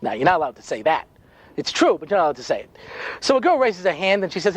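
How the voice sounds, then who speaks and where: A man's voice: fairly high pitch, big pitch swings, fast talker, low-quality recording. A man speaking as a rabbi, telling stories with wry sarcasm and lots of asides in a humorous lecture.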